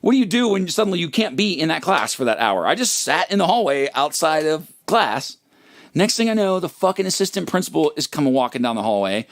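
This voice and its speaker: A man's voice: a little high, big pitch swings, a little fast, dry recording, clean studio sound. A man hosting a livestream, telling a rambling, profane, self-mocking story in a casual comic way. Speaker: livestream host and musician.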